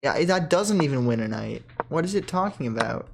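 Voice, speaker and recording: An excitable player talks through a chess game at home in a mid-pitched voice, jumping between excitement and puzzled muttering. They correct themselves mid-sentence and think out loud about every move. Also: vocal fry, noisy background. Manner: excitable, thinks aloud with quick self-corrections. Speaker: chess player commenting on own games. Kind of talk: casual live chess commentary.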